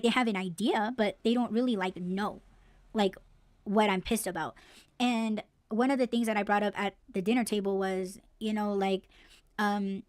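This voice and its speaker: A podcast host, a woman with a medium-pitched voice, is recorded in studio quality with no room sound. She rants bluntly and heatedly in a casual way, swearing freely.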